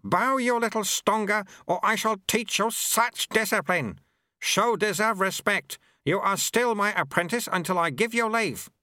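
A man voicing a stern, sharp-tongued old male sweeper monk who snaps his words, in an audiobook. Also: high voice, measured pace, no echo, clean studio sound, pitched above the performer's own voice. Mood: stern, scolding. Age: older. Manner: snapping, stern. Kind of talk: audiobook character voice.

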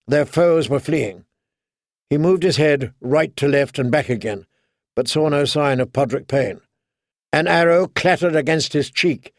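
A man narrating an audiobook in steady, dramatic storytelling. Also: a little high, dry recording, studio quality. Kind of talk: scripted narration.

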